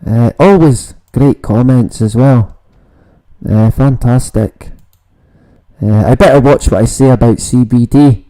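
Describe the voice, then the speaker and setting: A man's voice: medium pitch, measured pace, mellow, low-quality recording. A man hosting a casual late-night livestream, rambling, swearing and greeting viewers in the chat. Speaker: livestream host.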